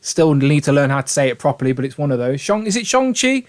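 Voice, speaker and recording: A man's voice: mid-range voice, lively intonation, fast, darkish tone. A British man hosting a casual live stream, rambling with enthusiasm and reading out viewers' names. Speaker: livestream host.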